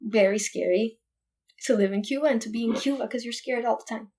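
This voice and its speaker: A young woman from Puerto Rico, a podcast guest, retelling a family story in an animated, emphatic way with many restarts. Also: fairly high pitch, a little fast. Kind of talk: casual storytelling.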